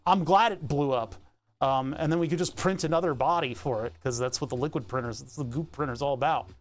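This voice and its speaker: A man's voice: mid-range voice, brisk. A nasal-voiced American man rambling casually to his live-stream viewers while he works, laughing often. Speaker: livestreamer.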